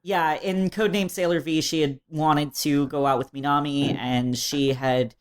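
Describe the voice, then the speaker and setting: A woman's voice: low-pitched, fairly even intonation, moderate pace. A woman co-hosting a podcast, recapping a game in casual chat with frequent laughs and fillers. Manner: chatty, laughs often, lots of fillers. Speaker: podcast co-host.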